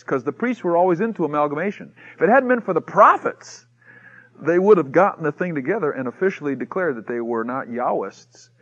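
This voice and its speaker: A man preaching a sermon, telling a story with lively acted-out quotes that swing from shouts to hushed asides. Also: sits high, lo-fi sound. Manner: animated storytelling, acts out quotes with shouts and mock whispers.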